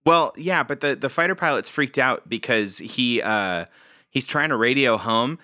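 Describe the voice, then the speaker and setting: A man's voice: medium pitch, expressive, a little slow, pushed and bright, no echo, clean studio sound. A man co-hosting a casual podcast, who swears freely, laughs often and acts out quotes from a cartoon. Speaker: podcast co-host. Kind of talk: casual chat.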